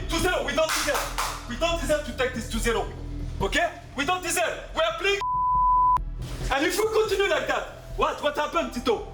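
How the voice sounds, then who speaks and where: A man as a football coach giving a half-time team talk, intense and repeating himself, sometimes shouting. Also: very high-pitched, animated, brisk, recorded from a distance. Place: changing room. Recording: echoey room from afar, with music.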